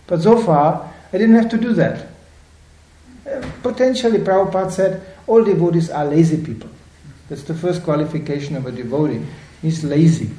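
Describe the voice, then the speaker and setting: Animated older man lecturing in an echoey room. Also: fairly high pitch, moderate pace. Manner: animated storytelling, acting out voices in quotes. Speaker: spiritual teacher.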